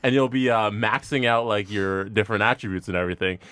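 A man's voice: fairly low pitch, fast talker, pushed and bright, clear, resonant tone. A man co-hosting a casual sports podcast, explaining things in detail with chuckles along the way.

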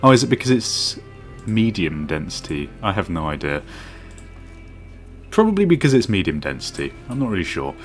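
A man's voice: deep voice, sing-song, normal speed. A man giving casual let's-play commentary, thinking aloud and teasing himself as he plays. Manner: thinks aloud, self-mocking asides. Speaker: game commentator. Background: faint background music.

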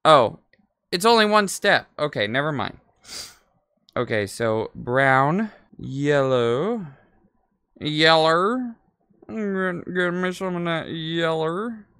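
A man in his twenties rambles casually as he builds, talking half to himself and swearing freely. His voice is bright and crisp, sitting a little high for a man. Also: no echo, studio quality. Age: 20s. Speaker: streamer. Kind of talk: casual chat while building a toy.

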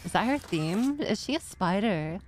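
A woman streamer giving live gameplay commentary, excitable, swearing freely and laughing often. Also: medium pitch, normal speed.

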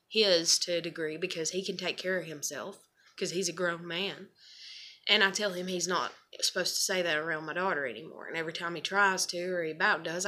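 Mother in her thirties for a home vlog: lowish, bright voice, rambling and frustrated, curses casually. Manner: rambling, frustrated, swears freely. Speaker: mother vlogging.

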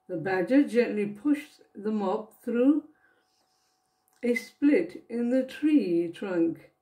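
A woman reads a children's storybook aloud to her grandchildren. Her voice sits a little high but sounds soft and mellow. She takes each line slowly and gently. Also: lively intonation, poor audio. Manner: slow, gentle reading with voiced characters. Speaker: grandmother reading picture books aloud.

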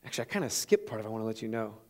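A man preaching a sermon, retelling a scripture story in an animated, conversational way with chuckles. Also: lowish voice, rapid-fire. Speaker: pastor.

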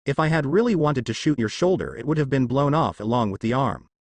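A man's voice: medium pitch, expressive, fairly quick, dry recording. A man reading the part of a cold, menacing teenage ninja boy with vampire powers, in a cool and threatening way.

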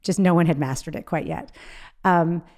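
A woman's voice: fairly low pitch, darkish tone. A woman being interviewed as an author, talking candidly and emotionally, often restarting her sentences. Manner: emotional, halting, with frequent restarts. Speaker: guest, author.

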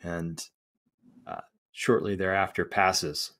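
A man co-hosting a podcast, explaining a play in a thoughtful, measured way with some restarts. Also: low voice, fairly even intonation, a bit bright. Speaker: podcast co-host. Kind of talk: casual conversation about literature.

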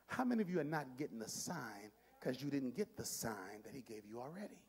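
A man with a high, ringing voice preaches a dynamic sermon, surging to shouts and then dropping to hushed near-whispers as he works the congregation. Long reverb rolls through the church sanctuary around him. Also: very animated, fast, few pauses, slightly rough. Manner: talks directly to the congregation in call-and-response. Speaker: pastor.

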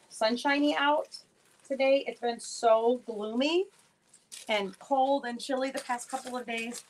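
A woman's voice: fairly high pitch, slight background noise. Chatty woman selling jewelry live. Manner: chatty, upbeat, greets viewers by name. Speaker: live-stream jewelry seller. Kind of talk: casual live-sale chat.

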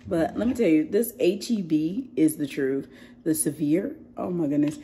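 This young woman has a deep, warm voice and talks at a moderate pace. She's indoors at home, sick and losing her voice, casually chatting to the camera and laughing a lot as she addresses her viewers directly.

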